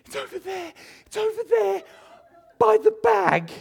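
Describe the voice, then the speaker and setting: Guy doing a squeaky frantic wife yelling about a mouse, way high up. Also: wildly swooping pitch, measured pace, gravelly, heavily acted. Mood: urgent. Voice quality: high-pitched, shrill.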